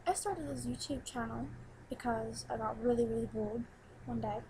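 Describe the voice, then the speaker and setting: A woman's voice: fairly high pitch, fairly even intonation, normal speed, darkish tone, a little hiss or hum, rough recording. A teenage girl vlogging casually into a webcam at home, chatty and giggly and rambling between topics. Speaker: new vlogger.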